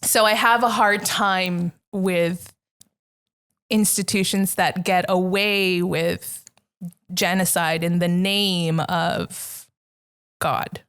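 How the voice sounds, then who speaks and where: A woman's voice: fairly low pitch, fairly even intonation, takes it slowly, fairly bright tone, clean tone. A woman from Canada, a psychotherapist guest on a podcast, telling her story in an earnest, reflective way with many restarts. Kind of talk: candid conversational storytelling.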